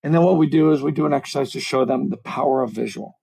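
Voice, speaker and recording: A man's voice: medium pitch, fast, gravelly, slightly rough, rough recording. A middle-aged man, a communications coach, speaking animatedly on a video call interview. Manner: animated, explanatory, self-deprecating. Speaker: communications coach, podcast guest. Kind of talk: conversational podcast interview.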